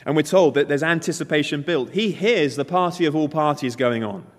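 A man's voice: on the high side, brisk. A man preaching a sermon, emphatic and storytelling, acting out the characters' lines. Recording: long hall reverb.

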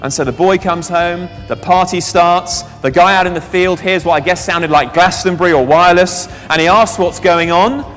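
A man preaching a sermon, telling a Bible story with lively asides and questions to the congregation. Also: high-pitched, normal speed, few pauses, soft background music. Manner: animated storytelling, reads scripture aloud, asks the congregation questions. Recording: long reverb of a large hall.

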